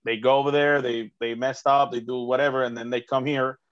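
A man's voice: mid-range voice, flat delivery, brisk, a bit bright, smooth, no room sound, highs cut off. A man hosting a casual interview, talking in a rambling way with many restarts. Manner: rambling, frequent restarts and fillers. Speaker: interview host.

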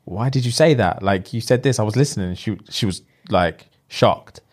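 A man's voice: lowish voice, moderate pace. A young man, chatting casually as he retells a film plot in slang and acts out the characters' lines. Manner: animated storyteller with slang, acting out the lines.

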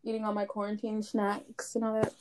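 A woman's voice: medium pitch, monotone, brisk. A young woman in loose, rambling casual chat, full of fillers, easy laughter and swearing.

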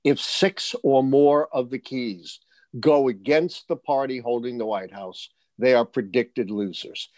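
Older man, seasoned forecaster, punchy anecdotal delivery, mid pitch, close dry mic. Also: unhurried, no room sound. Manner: lively storyteller, punchy asides. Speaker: guest, election forecaster. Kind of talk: storytelling interview answers.

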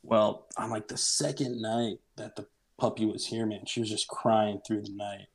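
A young man co-hosting a podcast, telling a story in casual chat, animated and swearing freely. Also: on the low side, moderate pace. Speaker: podcast co-host.

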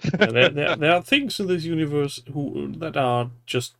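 A man co-hosting a podcast in casual chat, speaking hesitantly with frequent pauses. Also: fairly high pitch, expressive, vocal fry, a bit bright. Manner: slow and hesitant, many "uh" fillers. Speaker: podcast co-host.

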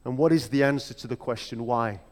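A man preaching a sermon in a reflective, measured way, with emphatic rhetorical questions. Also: mid-range voice. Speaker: pastor. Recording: long hall reverb.

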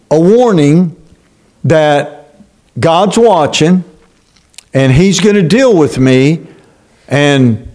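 An older man preaching a sermon as pastor, slow and emphatic, with halting restarts. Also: on the high side, darkish tone.

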